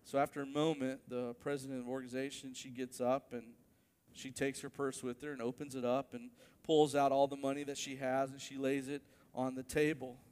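A male pastor preaching a sermon, telling a story with animated build-ups to emphatic peaks. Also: mid-range voice, brisk, smooth, in a large hall.

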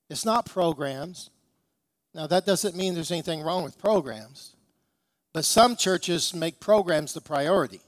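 Male pastor, higher voice, emphatic sermon storyteller who leans on rhetorical questions. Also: animated, unhurried, no echo.

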